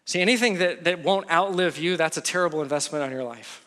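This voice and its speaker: A man preaching a sermon in a bright, forceful voice pitched a little high. He talks conversationally, jokes with his listeners, and acts out quotes as he teaches. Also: fast. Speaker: pastor.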